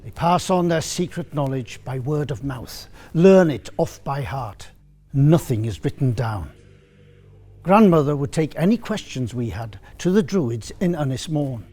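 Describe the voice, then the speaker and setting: A man's voice: mid-range voice, expressive, measured pace, dark tone. A man playing a proud, hot-headed Celtic farmer in an educational drama, telling his tale earnestly and flaring into indignant bluster. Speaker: actor playing a figure.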